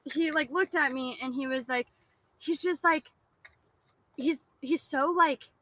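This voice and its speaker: A woman's voice: sits high, measured pace, sharp tone, no room sound. A young woman on a casual podcast, telling a heated story with lots of "like" and restarts. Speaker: podcast guest, host's girlfriend.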